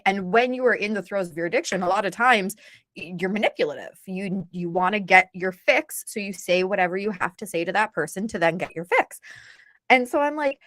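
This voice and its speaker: A woman's voice: mid-range voice, a bit bright, no echo. A woman in her thirties, a guest author, telling a personal story in a blunt, emphatic, candid way. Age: 30s.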